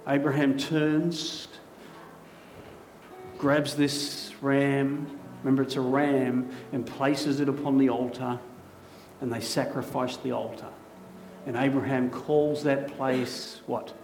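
A male pastor preaching a sermon in a church, telling a story vividly with dramatic pauses. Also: medium pitch, a little mellow. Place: church hall.

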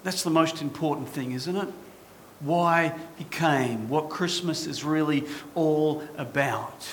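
A man's voice: fairly high pitch, slow pace, a little hiss or hum. A man preaching a sermon as pastor, passionate and full of rhetorical questions to his congregation.

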